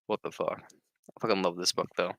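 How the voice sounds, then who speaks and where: A man's voice: low-pitched, sharp tone, dry recording, low-quality recording. A man casually reading a book aloud and commenting, rambling and swearing, with many filler words. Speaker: reader and commentator.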